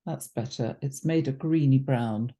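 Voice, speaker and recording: A woman giving a relaxed watercolour painting demonstration, chatty and thinking aloud with ums and self-corrections. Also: a bass voice, a little slow. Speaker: watercolour art teacher.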